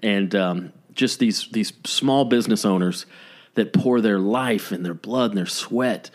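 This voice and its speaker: A man's voice: fairly low pitch, a little slow, a little mellow. A man co-hosting a casual podcast chat, talking in a rambling, hesitant way with many fillers and restarts. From United States. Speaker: podcast co-host. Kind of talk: casual conversation.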